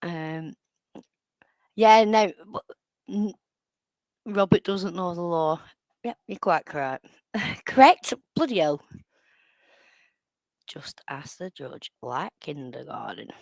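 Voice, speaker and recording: Chatty woman with a low, dry voice. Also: expressive, slow pace, creaky, long pauses, no room sound. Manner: chatty, sarcastic, laughs often. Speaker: live stream host. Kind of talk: casual commentary over clips.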